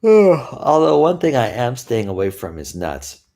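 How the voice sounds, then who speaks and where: A man's voice: mid-range voice, big pitch swings, measured pace, mellow. A man talking casually to his viewers in a chatty, rambling way, tired and yawning now and then. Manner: chatty, rambling, with frequent laughs and sighs. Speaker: vlogger. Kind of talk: casual chat to camera.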